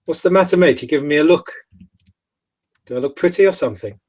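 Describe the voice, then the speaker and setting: A man's voice: a little high, quick pace, darkish tone, voice pushed up, lightly acted. A man voicing a rude, impatient young man who speaks brashly and mockingly.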